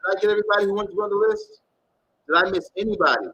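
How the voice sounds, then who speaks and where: Male livestream tarot host: high, bouncy voice, crisp tone, rambling and profane, reading chat aloud. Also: very fast, bright, forceful tone, muffled recording, slight background noise. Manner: rambling, profane, reads viewer comments aloud. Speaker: tarot reader hosting a livestream.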